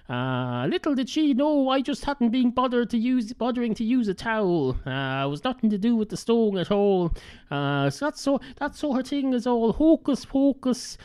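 A hoarse man hosting his podcast alone, rambling in a deadpan way with constant filler sounds. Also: high-pitched, normal speed, no room sound. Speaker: podcast host. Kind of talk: rambling solo monologue.

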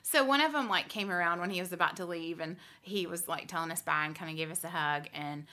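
Bright, animated woman telling stories. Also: on the low side, fast. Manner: animated storyteller, laughs often, acts out quotes. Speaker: podcast co-host. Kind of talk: casual podcast chat.

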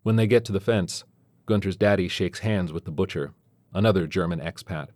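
Deep dry-voiced male storyteller. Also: fairly quick, darkish tone, no echo. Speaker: narrator. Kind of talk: scripted narration.

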